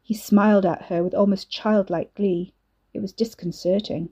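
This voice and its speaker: A woman giving a steady, measured reading of a storybook. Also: medium pitch, slightly rough. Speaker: narrator. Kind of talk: storybook narration.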